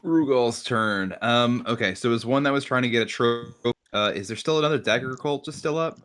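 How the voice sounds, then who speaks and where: A man's voice: mid-range voice, fairly quick, fairly bright tone. Brash laid-back man at the table. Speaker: player.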